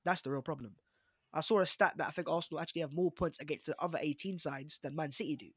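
Young man, London accent, husky, quick emphatic talk, dry close sound. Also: fairly high pitch, a bit bright, no room sound. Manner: fast, emphatic, argumentative. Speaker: podcast panelist, Arsenal fan. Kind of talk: casual football debate.

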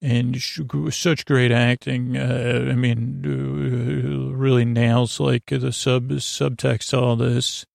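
A man's voice: mid-range voice, flat delivery, takes it slowly, vocal fry, hardly any pauses, a little mellow, no room sound, studio quality. A man hosting a sleep podcast, retelling a story in a meandering, casual way full of fillers and asides. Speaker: podcast host.

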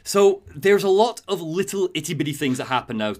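A man hosting a podcast, recapping a story in an enthusiastic, animated way. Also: on the high side, a little fast. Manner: animated, enthusiastic, acts out quotes. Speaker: podcast host.

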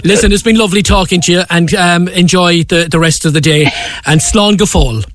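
Male radio host, high pitch, jovial and teasing, dry studio sound. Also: steady tone, fast, a bit bright, no echo. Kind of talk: radio interview and phone-in.

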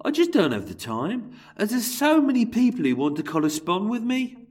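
A man voicing a gruff imprisoned letter writer in a put-on Birmingham accent, grumbling and self-important. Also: sits high, wildly swooping pitch, normal speed, a little mellow, recorded from a distance, faint music behind, voice pushed up, exaggerated voice.

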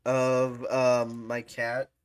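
A speaker chatting casually on a livestream podcast, halting and filler-heavy, laughing often. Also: mid-range voice, completely flat delivery, smooth. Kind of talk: casual chat.

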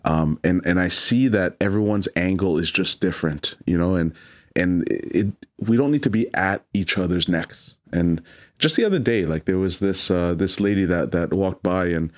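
A man's voice: deep voice, moderate pace. A man, a chef, talking earnestly in an interview, often stumbling and repeating his words. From Toronto, Canada. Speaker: chef and restaurant owner. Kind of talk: conversational interview.

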